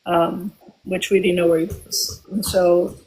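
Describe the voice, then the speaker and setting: A woman in her forties from Albania, telling a personal story as a guest, reflective and often pausing with ums and restarts. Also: fairly low pitch, little pitch movement, warm tone, breathy edge, low-quality recording.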